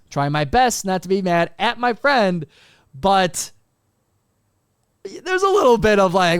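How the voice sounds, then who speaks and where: A young man hosting a solo sports podcast, recapping games and then ranting in an animated, exasperated way. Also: sits high, unhurried, smooth, no room sound, clean studio sound. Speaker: podcast host.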